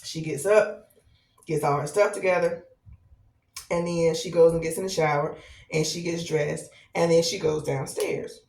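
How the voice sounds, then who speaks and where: A woman in her thirties, a podcast host telling a long personal story in a casual, animated way, repeating herself as she goes. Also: low-pitched, creaky, slight background noise. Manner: animated, conversational, drawn-out repetitions. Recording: roomy echo, distant from mic.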